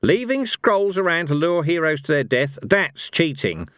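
A man voicing a fierce, quarrelsome old barbarian who talks in a gruff, cocky shout. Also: on the high side, big pitch swings, a little slow, no echo, studio quality, voice pushed up. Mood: furious.

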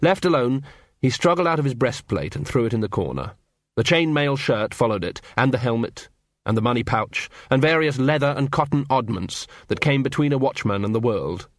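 A man narrates a story in a wry, measured way. His pitch is lively and varied, and the recording is close and dry with no room sound. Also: no echo. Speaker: audiobook narrator. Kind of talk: scripted narration.

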